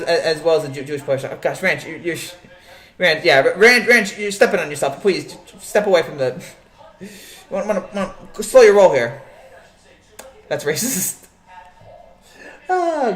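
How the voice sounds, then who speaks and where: A man's voice: a little high, reverberant. A man hosting a casual live sports show, rambling and joking as he answers the chat, with many restarts and fillers.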